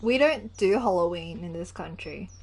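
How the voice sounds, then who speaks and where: A woman's voice: on the low side, moderate pace, slightly rough. A young woman, chatting casually and giggling as she livestreams a game. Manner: chatty, giggly, animated storytelling. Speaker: gaming livestreamer. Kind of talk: casual chat while gaming.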